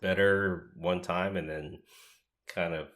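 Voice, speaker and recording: A middle-aged man co-hosting a casual podcast, chiming in with laid-back, halting remarks. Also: low-pitched, fairly even intonation, a bit bright. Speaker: podcast co-host.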